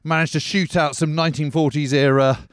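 A man's voice: on the high side, little pitch movement, a little fast, clear, resonant tone, no room sound, clean studio sound. Man describing a battlefield on foot. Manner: rambling, hedging with "sort of" and "kind of". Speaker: podcast host. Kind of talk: on-location walking commentary. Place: outdoors by a country road.

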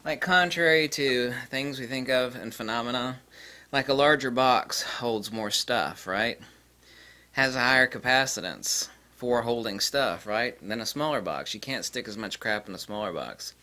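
A man holds forth in a solo lecture with a forceful, tense edge to his voice. He rambles, swears freely and sounds scornful of anyone who disagrees with him, though his pitch stays in an ordinary middle range. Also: normal speed. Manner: combative, profane and rambling; scornful toward critics. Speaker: channel host.

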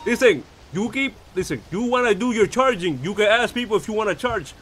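A man playing a police officer in a game roleplay, questioning people in a quick, pushy way. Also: sits high, expressive, fairly bright tone, a little hiss or hum. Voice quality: fast, pushy questioning, slips into Spanish. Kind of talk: GTA roleplay as a cop.

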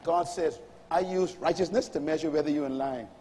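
A man's voice: fairly high pitch, fairly quick, mellow, in a large hall, a little hiss or hum. A man preaching a sermon in an emphatic call-and-response manner, reading scripture aloud and urging the congregation to respond. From Bahamas. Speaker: pastor.

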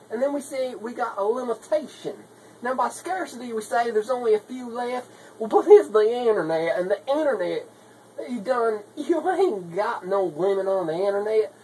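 A woman's voice: on the high side, darkish tone, a little hiss or hum, lightly acted, poor audio. A woman playing a drawling scheming country wife. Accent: put-on rural Southern US hick. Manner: rambling, folksy, drawling, calls everyone honey. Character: scheming country wife pitching web-marketing tricks. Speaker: comedy video maker. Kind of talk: comedy sketch monologue.

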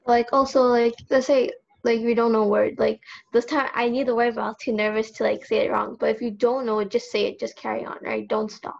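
A woman's voice: on the high side, level tone, fairly quick, creaky, few pauses, a little mellow. A woman acting student talking hesitantly in a class on a video call, with fillers. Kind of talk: casual class chat. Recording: dull lo-fi call audio.

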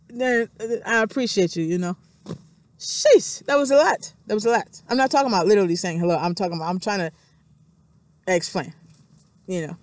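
A woman's voice: on the high side, fairly quick, no echo. A woman vlogger in a casual, rambling monologue, thinking aloud, repeating herself and reading scripture aloud between thoughts. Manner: rambling, repetitive, self-reflective, thinking aloud.

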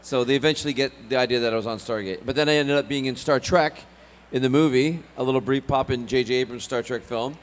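Lively man in a reverberant convention hall. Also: mid-range voice, fast talker, hardly any pauses. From Scotland. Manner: animated storyteller, acts out voices in anecdotes. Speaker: convention celebrity guest. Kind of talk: casual convention Q&A storytelling.

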